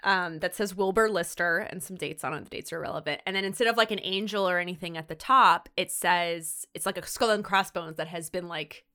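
A woman's voice: lowish voice, fairly quick, few pauses, sharp tone, clean tone. A woman co-hosting a podcast, recapping a TV episode in casual, sarcastic chat full of "like". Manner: sarcastic, chatty, lots of "like". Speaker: podcast co-host.

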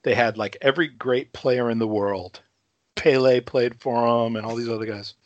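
A man in his fifties from Chicago, guest on a casual talk show, telling a story with lively energy, swearing freely and chuckling between lines. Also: mid-range voice, normal speed, no echo, muffled recording. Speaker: podcast guest.

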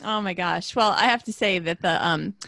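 A woman's voice: lowish voice, normal speed, creaky, fairly bright tone, no echo. A woman from Michigan with a Michigan accent, hosting a casual interview with friendly, exclamatory reactions. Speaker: interview host.

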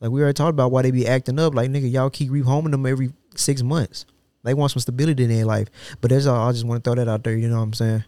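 A man's voice: medium pitch, rapid-fire, no echo. Brief: male podcast co-host, playful, slangy banter, dry close-mic sound. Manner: joking, animated, slangy. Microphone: studio podcast mic.

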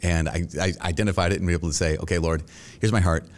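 Answering an interviewer's questions, a middle-aged Catholic priest sounds earnest and reflective, acting out his earlier thoughts in animated self-quotes. He speaks fast in a voice that sits low.

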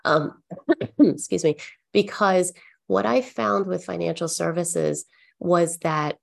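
A woman's voice: on the low side, slow pace, gravelly. A middle-aged woman, an accountant, sharing earnest stories in a podcast interview and acting out what she and her clients said. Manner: earnest, animated storytelling with quoted dialogue. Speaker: accountant and guest.

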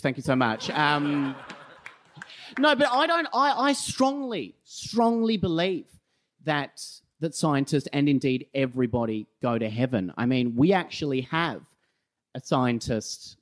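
An Australian man delivers a live comic debate speech in a self-mocking, sarcastic-sounding way. His voice swings widely in pitch and sits a little high for a man. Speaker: comedy debater. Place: live comedy venue stage.

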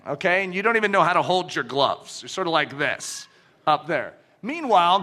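A man preaching a sermon, animated and storytelling, acting out quick dialogue in his illustrations. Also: high-pitched.

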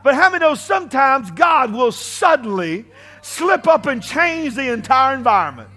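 A male pastor preaching a sermon, often shouting and leading call-and-response with the congregation. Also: very high voice, very animated, moderate pace, faint music behind. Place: church.

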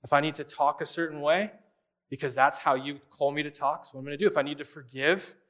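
A man preaching a sermon in a conversational style, asking the congregation rhetorical questions and adding quick asides. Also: a little high, steady tone, a bit bright. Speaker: pastor.

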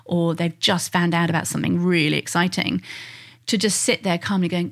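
A woman's voice: fairly low pitch, flat delivery, brisk. A woman, a parenting coach talking earnestly and reassuringly to parents, acting out the quotes she gives. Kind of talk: direct-to-listener parenting advice.

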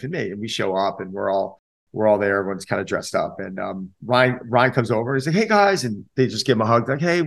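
Fast-talking animated man. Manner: animated storyteller, jumps high when mimicking others. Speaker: guest fitness trainer. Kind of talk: casual interview chat. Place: New York.

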